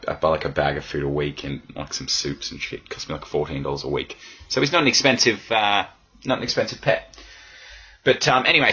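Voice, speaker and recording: A man hosting a casual solo podcast. His voice is hoarse from yelling, and he rambles in a crude, self-mocking way. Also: deep voice, muffled recording. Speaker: podcast host.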